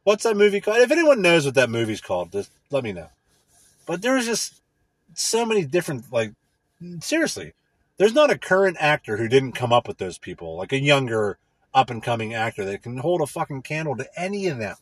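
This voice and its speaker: A man's voice: medium pitch, fairly quick, no room sound. Guy ranting on a podcast, cussing a lot, voice jumps all over, super dry close sound. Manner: rambling, swearing, full of "like" and "you know"; animated, swings between loud bursts and mutters. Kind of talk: profane comedic rant.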